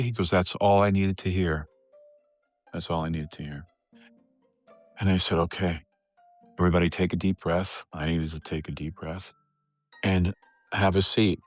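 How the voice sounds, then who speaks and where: A man's voice: sits low, no room sound. A middle-aged man, a psychotherapist, telling an earnest and emotional story in a podcast interview. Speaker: psychotherapist guest.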